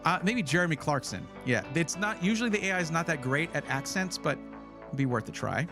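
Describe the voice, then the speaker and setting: A man's voice: on the high side, animated, fairly quick, music in the background. A man hosting a casual livestream, chatty and rambling, often correcting himself as he talks. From United States. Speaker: livestream host.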